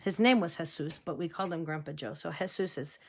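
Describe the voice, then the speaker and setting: A woman's voice: low-pitched, brisk, darkish tone. A woman demonstrating card making in a casual, chatty way, wandering off into stories and laughing easily. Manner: chatty, rambling storyteller who laughs easily. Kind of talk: casual crafting tutorial chat.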